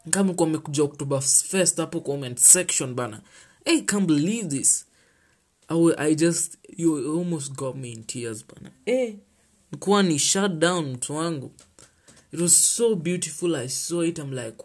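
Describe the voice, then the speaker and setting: A man's voice: fairly high pitch, moderate pace. A teenage boy from Kenya with a Kenyan accent, hosting his own show in a chatty, heartfelt monologue that mixes in Swahili slang. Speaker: host. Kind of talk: casual solo podcast chat.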